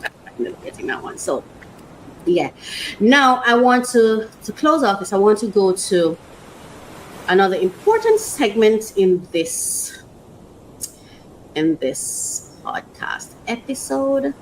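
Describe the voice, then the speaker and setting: A woman's voice: mid-range voice, big pitch swings, slow pace, long pauses, a little hiss or hum, low-quality recording. A woman hosting her own podcast, chatting casually and bubbly as she unboxes a product, laughing often. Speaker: podcast host.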